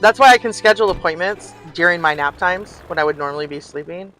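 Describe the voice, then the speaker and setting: A woman's voice: fairly low pitch, fast talker, a bit bright, soft background music. An older woman streaming a life-sim game, chatting casually and telling stories with frequent laughs. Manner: chatty storyteller, laughs often. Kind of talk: casual gameplay chat.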